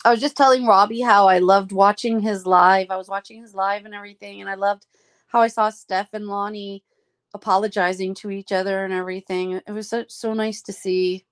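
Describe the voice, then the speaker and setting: A woman's voice: mid-range voice, level tone, brisk, clean tone. A woman hosting a casual live stream, chatting affectionately with friends and laughing often.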